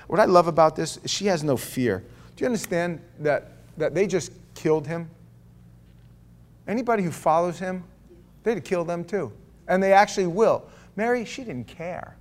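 Middle-aged man, pastor, sermon, animated conversational preaching, fairly high voice. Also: normal speed, pauses often. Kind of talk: sermon with Bible reading.

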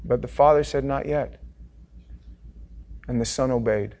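A middle-aged male pastor delivering a sermon in a voice of ordinary, middle pitch. He drops to near-whispers and then climbs to loud, fervent peaks, acting out each quoted line. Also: fast talker. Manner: impassioned, swings from hushed to loud, acts out quotes.

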